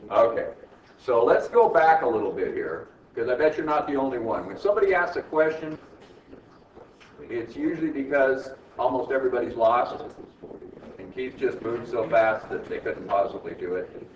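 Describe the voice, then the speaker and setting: A man's voice: mid-range voice, lively intonation, moderate pace. Joking man lecturing a class. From United States. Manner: quizzes the class with constant tag questions, teasing jokes. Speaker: accounting instructor. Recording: echoey classroom from far off, muffled, faint hiss.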